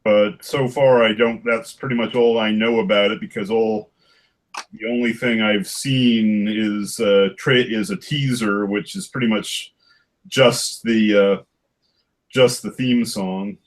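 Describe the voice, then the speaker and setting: A man chatting casually, with many restarts and halting phrases, sounding keen about cartoon news. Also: fairly low pitch, fairly even intonation, low-quality recording. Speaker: cartoonist in a drawing group. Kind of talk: casual chat.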